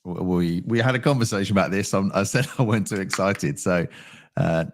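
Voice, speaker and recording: A man co-hosting a fan stream, chatting casually in a relaxed, somewhat rambling way. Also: low-pitched, a little fast, a little hiss or hum. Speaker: co-host fan commentator. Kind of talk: casual chat.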